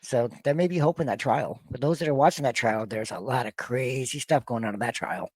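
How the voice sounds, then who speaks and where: A man's voice: mid-range voice, a little fast, darkish tone, no room sound. Gen x guy hosting a podcast, swears a lot, trips over his words, dry close sound. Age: 40s to 50s. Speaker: podcast host. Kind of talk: casual reaction-show banter.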